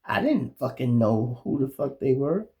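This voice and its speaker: A middle-aged man with a Chicago accent hosting his own show, telling animated, streetwise stories in a casual monologue full of profanity. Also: mid-range voice, measured pace, muffled recording. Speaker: show host.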